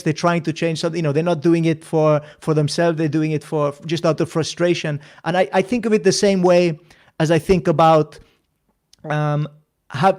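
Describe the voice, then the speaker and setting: A man from Spain with a notably high voice talks as a comedian guest on a podcast, earnest and emphatic. He leans on his points and drives them home. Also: darkish tone. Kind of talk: casual podcast chat.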